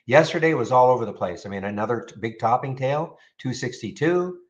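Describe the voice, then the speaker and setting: Animated and fairly quick, a medium-pitched man hosts a live trading room, casually walking through charts and responding to viewers. He often repeats words, and the audio of this live stream chart commentary is dull.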